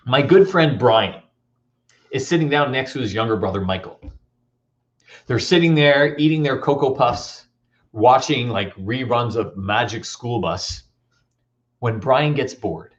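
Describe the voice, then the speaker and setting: A man giving a motivational talk, telling comic stories in an animated, playful way. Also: mid-range voice, unhurried, pauses often, dull audio. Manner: animated storytelling, playful and teasing. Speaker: motivational speaker.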